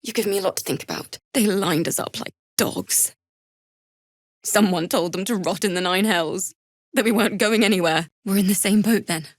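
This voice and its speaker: A woman's voice: medium pitch, normal speed, dry recording, studio quality, lightly acted. A woman voicing a young bard in a video game, earnest and grieving, who swings from shy apologies to sudden anger. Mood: earnest, apologetic. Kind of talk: video game character dialogue.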